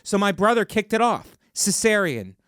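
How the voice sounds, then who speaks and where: A man's voice: high-pitched, big pitch swings, moderate pace, fairly bright tone, clear, resonant tone, no echo, studio quality. A man in his forties hosting a podcast alone, ranting sarcastically and building to mock outrage. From Ohio. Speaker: podcast host. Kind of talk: solo comedic rant. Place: podcast studio.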